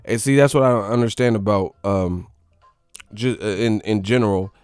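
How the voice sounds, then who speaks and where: A man's voice: on the low side, moderate pace, a little mellow, clean tone, no echo. A man hosting a casual boxing chat, ranting and joking with lots of profanity. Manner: profane, joking, riffing rants. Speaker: boxing commentary host.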